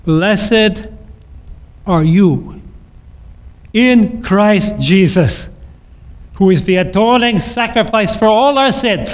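A man preaching a sermon in a measured, liturgical cadence, ending in a blessing. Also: high voice, expressive. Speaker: pastor.

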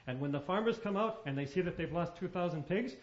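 A man preaching a sermon, telling stories and shifting between soft, quiet lines and emphatic ones. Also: high-pitched, lively intonation, quick pace. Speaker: pastor. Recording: roomy, dull sound.

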